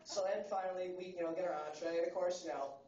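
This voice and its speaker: A man in his twenties from the United States doing a stand-up comedy set at a coffee house, talking fast and crudely with rambling fillers. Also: high-pitched, fairly even intonation, warm tone. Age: 20s. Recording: roomy, distant, muffled live recording.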